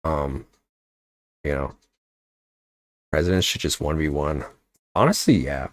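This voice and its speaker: Deep-voiced rambling guy streaming. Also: a little slow, pauses often, darkish tone, no echo. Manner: rambling, filler-heavy, joking. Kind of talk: casual livestream chat.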